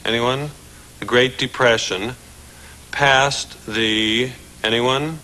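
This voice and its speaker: A droning history teacher. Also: male voice, mid-range voice, fairly even intonation, drawn-out words, bright, forceful tone, slight background noise. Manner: dull, repeatedly asking the class.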